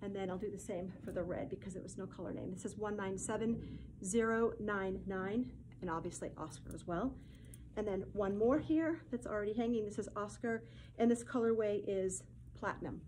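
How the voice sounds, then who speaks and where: A woman hosting a casual showcase of fabrics, effusive and gushing, often repeating her words and filling pauses with ums. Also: medium pitch, a little mellow, a little hiss or hum, low-quality recording. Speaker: host presenting fabric collection.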